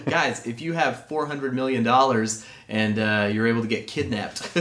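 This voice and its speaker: A man's voice: medium pitch, unhurried, a bit bright. A man hosting a podcast, joking around and asking long, rambling questions in casual talk. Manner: jokey, chatty, asks long rambling questions. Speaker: podcast host. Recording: roomy with faint noise.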